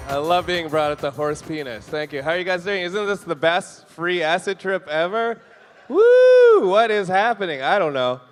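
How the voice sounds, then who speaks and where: A man's voice: a little high, normal speed, few pauses, fairly bright tone, faint music behind. A young man from Canada doing a stand-up comedy set on a club stage, joking with the crowd and acting out quoted voices. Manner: jokey, talks to the crowd, acts out quoted voices. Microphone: handheld stage mic. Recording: live room with long reverb.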